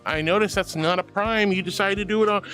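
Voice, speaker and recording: A woman's voice: mid-range voice, quick pace, fairly bright tone, soft background music. A woman VTuber chatting casually on a livestream, gushing thanks to her viewers with cutesy words. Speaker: VTuber streamer. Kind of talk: casual livestream chat reading chat. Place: VR streaming setup, indoors.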